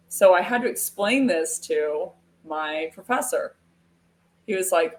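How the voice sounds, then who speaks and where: A woman's voice: fairly low pitch, moderate pace. An American woman hosting a live sales webinar, talking casually and telling stories with frequent laughs. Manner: animated storytelling with frequent laughs. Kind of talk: casual live-stream talk.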